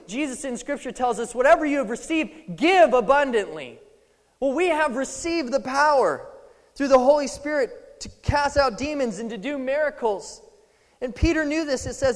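A man preaching a sermon, casual and animated, acting out scripture scenes in little voices. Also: extremely high pitch, moderate pace. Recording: long hall reverb.

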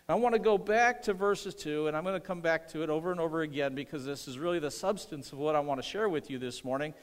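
A man's voice: a little high, fast talker, few pauses, in a large hall. A middle-aged man preaching a sermon as pastor, earnest, repeating phrases and calling for amens.

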